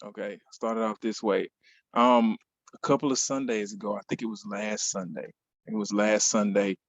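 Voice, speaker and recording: A man's voice: lowish voice, fairly even intonation, moderate pace, no room sound, highs cut off. A man giving a conversational motivational talk to an online audience, often repeating phrases and checking in with "right?".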